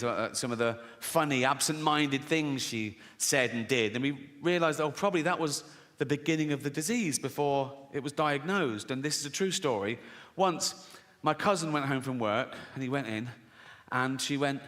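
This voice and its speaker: A man's voice: mid-range voice, fairly bright tone. A middle-aged man doing a stand-up comedy set, telling stories and acting out quoted voices, laughing at his own jokes. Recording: live hall reverb, faint background noise.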